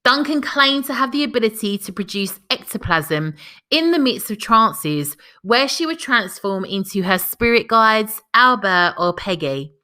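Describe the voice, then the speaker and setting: A woman's voice: a little high, animated, unhurried, sharp tone. A woman hosting a podcast, reading a scripted history narration and breaking off for chatty personal comments. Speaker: podcast host.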